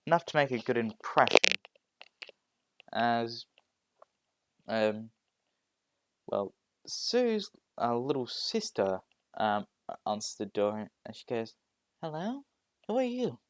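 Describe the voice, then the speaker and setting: Halting, slow male storyteller. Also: mid-range voice, lively intonation, dry recording. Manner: halting, many fillers and restarts. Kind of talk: improvised fan fiction narration.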